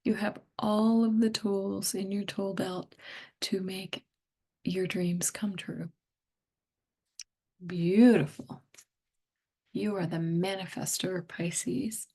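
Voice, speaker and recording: A middle-aged woman giving a tarot reading, hoarse and losing her voice, half whispering in a gentle, musing way. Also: medium pitch, steady tone, slow pace, long pauses. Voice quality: breathy, partly whispered. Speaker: tarot reader.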